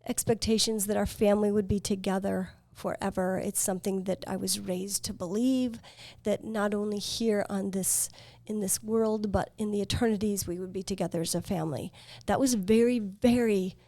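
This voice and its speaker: Woman, 50s, podcast host, earnest reflective storytelling, gravelly fry, dry close mic. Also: medium pitch, fairly even intonation, darkish tone, no echo. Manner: earnest, reflective, with fillers and pauses. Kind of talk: personal storytelling.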